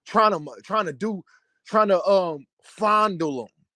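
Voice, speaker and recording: Young male commentator, heated and preachy, higher-pitched voice, dry close recording. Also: takes it slowly, pushed and bright, dry recording. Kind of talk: opinion rant to camera.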